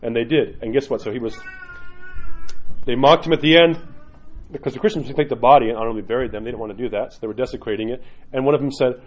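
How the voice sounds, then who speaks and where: A man's voice: medium pitch, fast, lo-fi sound, faint music behind. A man, a priest giving an informal teaching talk, telling stories with animation and often checking in with "right?".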